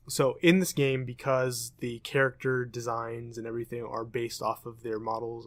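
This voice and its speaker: Young male co-host, mid pitch, rambling and filler-heavy in easygoing chat. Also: a bit bright. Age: young adult. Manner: hesitant, filler-heavy explaining. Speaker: podcast co-host. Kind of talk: casual chat.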